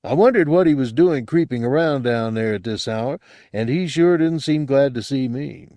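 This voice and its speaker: A man narrating an audiobook in a gruff first-person storytelling manner. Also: medium pitch, expressive, normal speed, warm tone, no room sound.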